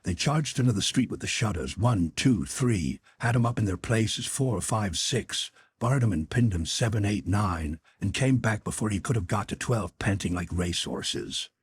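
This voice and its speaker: A man narrating a classic novella as an audiobook with expressive storytelling. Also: fairly low pitch, moderate pace, few pauses, breathy edge, no room sound. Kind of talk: scripted narration.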